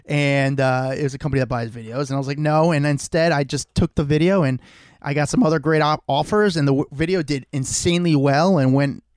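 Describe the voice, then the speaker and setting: A man's voice: on the high side, fairly quick, no echo, studio quality. A man, a podcast co-host telling a long story at home in casual chat, acting out the voices and swearing freely. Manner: animated, swears freely, acts out quoted voices.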